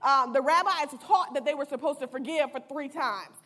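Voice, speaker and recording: High-voiced woman preaching casually. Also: moderate pace, pushed and bright. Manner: playful, retells scripture in slang. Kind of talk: casual sermon with Bible reading.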